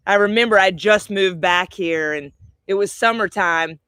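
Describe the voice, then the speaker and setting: A middle-aged woman life coach giving a heartfelt, reflective monologue, slowing down for emphasis. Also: medium pitch, a bit bright, clear, resonant tone, no echo. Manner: heartfelt, slow and emphatic in places. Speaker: life coach, podcast host.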